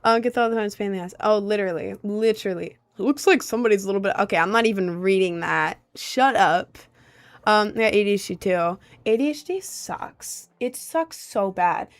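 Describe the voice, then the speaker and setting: A young woman talks casually on a live stream, rambling from one thought to the next. Her voice is mid-pitched. She answers comments from her chat as she goes. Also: a little fast.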